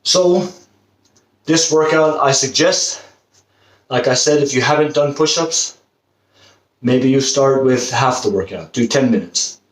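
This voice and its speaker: A man's voice: medium pitch, takes it slowly, pauses often. A man coaching a football fitness workout, encouraging and demonstrating the exercises as he talks, out of breath at times. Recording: roomy, distant camera mic, faint noise.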